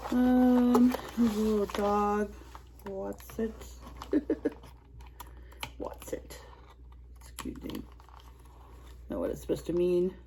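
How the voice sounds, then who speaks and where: A woman's voice: lowish voice, gravelly, background noise. A woman vlogger chatting casually while unboxing a toy, giggly and rambling.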